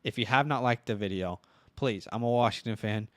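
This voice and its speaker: A man from Virginia co-hosting a live stream, chatty and teasing, giving quick asides. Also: fairly low pitch, no room sound. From Virginia, United States. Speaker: co-host. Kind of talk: casual live-stream chat.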